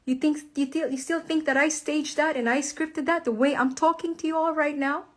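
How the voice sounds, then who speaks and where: Woman, high-pitched, crying, angry, profane, emotional monologue. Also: steady tone, moderate pace. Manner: angry, profane, tearful outbursts. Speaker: vlogger recounting her marriage breakdown. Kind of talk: emotional direct-to-camera monologue.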